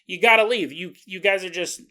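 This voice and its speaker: A man's voice: sits high, brisk, sharp tone. A podcast host playing a fed-up male security guard who curtly orders some drunks out of a building, in a storytelling podcast. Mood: bossy. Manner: curt, bossy.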